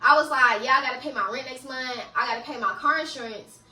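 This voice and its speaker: A young woman vlogger tells a casual story-time tale in a high-pitched voice, talking fast, laughing often and swearing a lot. She's animated, and the echoey room and distant mic leave her sounding a little far off.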